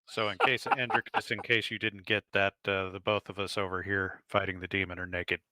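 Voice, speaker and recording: A man's voice: low-pitched, level tone, a little fast, pushed and bright, no echo. A man playing in a tabletop game, questioning and arguing positions in a wry way. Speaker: player.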